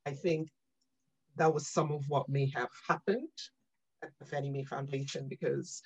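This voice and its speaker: A woman being interviewed on a podcast, telling animated stories about her career and often checking in with "right?" and "you know". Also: a bass voice, moderate pace, husky, low-quality recording. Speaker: guest.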